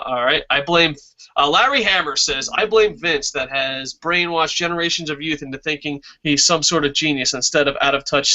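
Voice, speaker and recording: A man hosting a wrestling talk stream, ranting casually with lots of swearing. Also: on the high side. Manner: profane, ranting, excitable. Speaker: wrestling talk show host. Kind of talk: casual live-stream chat. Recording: dull lo-fi stream audio.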